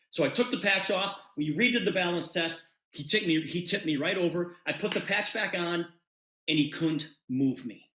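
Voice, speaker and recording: A man's voice: on the high side, normal speed. A man giving a sales presentation, telling a story and acting out both sides of a conversation. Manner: animated, acts out quoted dialogue. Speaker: presenter pitching a business opportunity. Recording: roomy echo.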